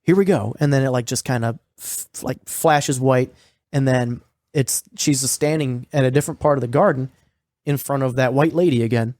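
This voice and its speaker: A man co-hosting a podcast recaps a horror series in loose, rambling talk, swearing freely and leaning on fillers. His voice sits at an ordinary middle pitch. The recording is dry and close, with no room echo. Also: fairly even intonation, normal speed, darkish tone. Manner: profane, rambling, filler-heavy. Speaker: podcast co-host.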